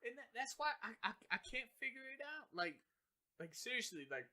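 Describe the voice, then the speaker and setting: A man rants on a casual podcast, and his voice sits high. He talks in loose, animated bursts, full of slang and swearing. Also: fairly quick. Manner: animated ranting, heavy profanity, slangy. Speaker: podcast co-host. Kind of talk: casual chat.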